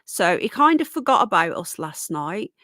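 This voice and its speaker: A woman's voice: fairly low pitch, big pitch swings, normal speed, pushed and bright, no echo, clean studio sound. A tired, yawning woman hosting a casual live stream, chatting and greeting viewers by name as darling and sweetheart. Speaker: livestream host.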